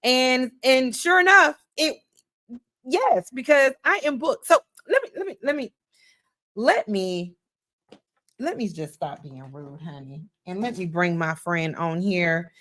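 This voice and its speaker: This woman's voice sits on the high side, expressive and a bit bright, and she takes her time. As a podcast host on a casual livestream talk show, she's chatty, folksy and playful, often repeating herself, speaking straight to her listeners and calling them "y'all."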